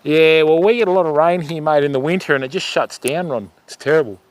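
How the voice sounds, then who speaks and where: A man's voice: on the high side, fast talker. Chatty Australian man fishing on a livestream. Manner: chatty, calls viewers mate and lovey, rambling asides. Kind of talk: casual live chat with viewers. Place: outdoors by a river.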